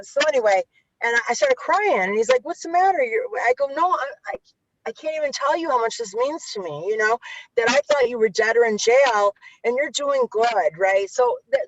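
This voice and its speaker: Her pitch sits fairly high and there's no echo in this dull, lo-fi recording. She's an author and youth interventionist with a Chicago accent, answering interview questions bluntly, swearing freely, and frequently restarting her thoughts.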